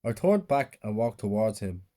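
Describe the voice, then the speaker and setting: Guy reading a bedtime horror story, mellow dark tone, subdued. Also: lowish voice, very animated, moderate pace. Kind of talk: scripted horror story narration.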